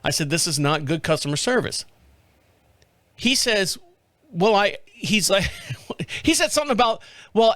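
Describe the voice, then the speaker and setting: A middle-aged man hosting a podcast, telling a story in casual chat, animated, acting out the voices of the people in it and laughing often. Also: on the high side, no echo. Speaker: podcast host.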